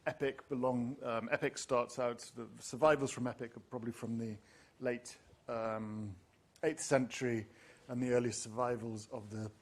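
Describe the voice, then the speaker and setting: A middle-aged man lecturing on classics to teachers, speaking in a discursive way with frequent ums and restarts. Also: mid-range voice. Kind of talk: university lecture.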